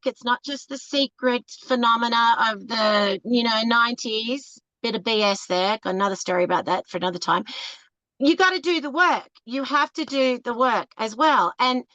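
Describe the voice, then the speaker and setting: An Australian woman in her fifties with a fairly high, bright, forceful voice talks with candid, emphatic energy. She breaks into other people's voices as she speaks. The recording is dry and a little dull. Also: dry recording. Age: 50s. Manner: emphatic, animated, acts out quoted voices. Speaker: relationship coach, podcast guest. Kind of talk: candid conversational advice.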